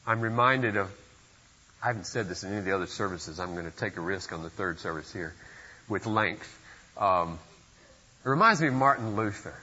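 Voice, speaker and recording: A man's voice: on the low side, lively intonation, a little fast, pauses often, pushed and bright, lo-fi sound, a little hiss or hum. A pastor preaching a sermon at a church service, speaking earnestly and putting direct questions to his listeners.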